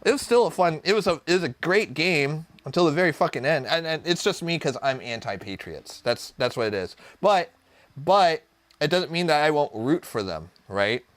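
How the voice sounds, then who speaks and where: A man's voice: fairly high pitch, animated, normal speed, a bit bright. A young man from Arizona chatting casually while cooking on a live stream, brash and profane, jumping from topic to topic. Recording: music playing under the voice. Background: guitar music.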